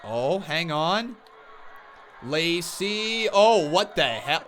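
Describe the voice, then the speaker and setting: A man hosting a live wrestling reaction stream, calling the action like an excitable commentator and chatting with viewers. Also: on the high side, extremely slow, background noise.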